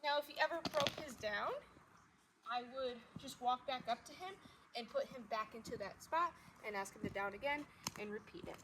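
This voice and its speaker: A woman dog trainer explaining a training demonstration in a friendly way, breaking into high-pitched, excited praise for the dog. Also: normal speed. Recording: noisy background ambience.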